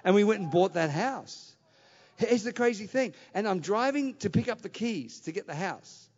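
A man preaching a sermon, telling a story in an animated way before building to an exhortation. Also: high-pitched, normal speed. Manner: animated, anecdotal, rising to exhortation. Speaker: pastor. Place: large church hall. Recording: dull, echoey hall recording.

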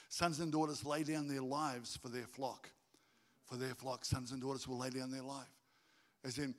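A man preaching a sermon to his congregation, animated and jokey, acting out stories in high voices. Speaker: pastor. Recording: reverberant hall.

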